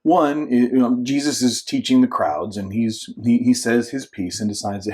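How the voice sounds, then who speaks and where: Husky-voiced minister telling a story. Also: male voice, medium pitch, steady tone, normal speed, hardly any pauses. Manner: conversational storytelling, acts out voices with sudden shouts and whispers; frequent restarts and filler asides. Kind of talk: informal short devotional talk.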